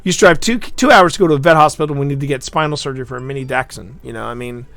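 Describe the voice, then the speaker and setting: A man's voice: medium pitch, no room sound. Rambling man chatting to his stream. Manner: rambling storyteller, halting restarts, swings from loud to hushed. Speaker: livestream host. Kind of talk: casual chat to a live stream audience.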